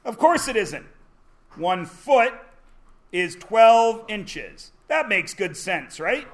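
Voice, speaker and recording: A man's voice: sits high, very animated, takes it slowly. A man teaching a classroom lesson, joking and quizzing his students as he goes. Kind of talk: classroom lecture.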